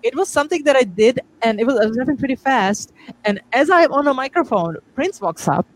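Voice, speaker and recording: High-pitched and brisk, a woman's voice comes through a rough recording. She's a guest DJ in a casual interview, telling anecdotes with lots of acted-out dialogue, restarts, and laughter, all in an animated way.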